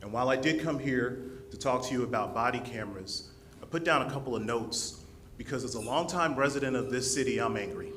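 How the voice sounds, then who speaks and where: A man giving an impassioned public comment at a city council podium microphone, speaking with forceful, rising indignation. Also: mid-range voice, brisk, slight background noise.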